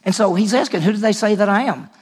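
A man's voice: high-pitched, fast, a little mellow, breathy edge. A man teaching a Bible study lesson in a conversational way, repeating words for emphasis.

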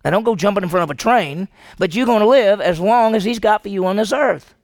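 Preacher guy, high gravelly voice, dry sound, keeps asking the crowd stuff. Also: a little fast, no echo. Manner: animated, questioning the congregation. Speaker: pastor. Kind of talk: sermon. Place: church sanctuary.

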